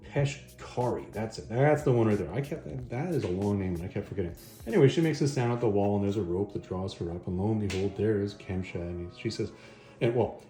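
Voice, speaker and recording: A man's voice: lowish voice, mellow. A man casually retelling a comic story, chatty, tossing off bits of the characters' dialogue as he goes. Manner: chatty, acts out quoted dialogue in passing. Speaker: comic reviewer. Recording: echoey room, faint background music.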